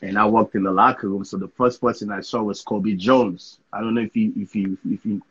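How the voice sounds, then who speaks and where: Husky-voiced man from Sierra Leone. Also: lowish voice, a little fast, dull audio. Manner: lively anecdotal telling, frequent "right?" tag questions, repeated words. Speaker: interview guest, pro soccer player. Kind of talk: casual storytelling interview.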